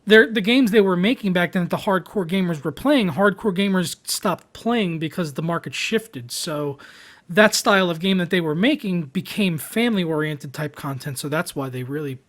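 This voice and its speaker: A young man with a fairly high voice hosts a gaming live stream. He talks casually and freely gives his opinions. He turns to the chat now and then to ask for viewers' questions. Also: animated, moderate pace, a bit bright.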